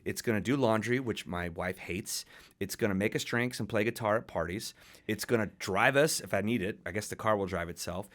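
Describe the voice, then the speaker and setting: A man's voice: on the low side, fairly quick, fairly bright tone. A man hosting a casual podcast, talking in an enthusiastic, jokey way.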